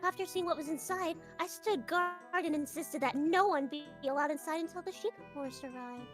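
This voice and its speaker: A high, nasal young princess, polite and earnest, answering questions as a witness in a game playthrough, as a woman puts her on. Soft children's music plays behind her. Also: a little fast, close to an everyday voice. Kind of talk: voicing a character in a game playthrough.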